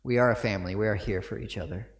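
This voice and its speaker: Speaking at a racing clip, this male pastor has a lowish voice with fairly even intonation, and the church sanctuary gives it a roomy sound. His sermon feels like a conversation, peppered with "right?" asides to his listeners.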